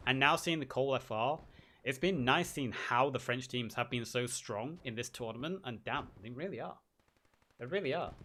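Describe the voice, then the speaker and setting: Tired rambling streamer. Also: male voice, medium pitch, bright, forceful tone. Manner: rambling, self-deprecating, with restarts. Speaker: caster and streamer. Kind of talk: casual stream sign-off chat.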